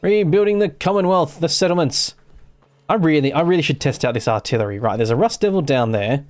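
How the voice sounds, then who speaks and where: Faint music sits behind an Australian gaming streamer whose fairly high voice is animated and a little fast. Chatting casually through live gameplay, he rambles, fixes his own phrasing and lets the odd swear slip.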